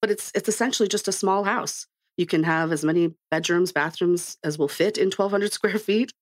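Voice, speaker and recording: A woman's voice: lowish voice, moderate pace. Playful chatty woman podcast guest. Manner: laughs easily, playful and chatty. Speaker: podcast guest, construction client director. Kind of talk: casual podcast chat.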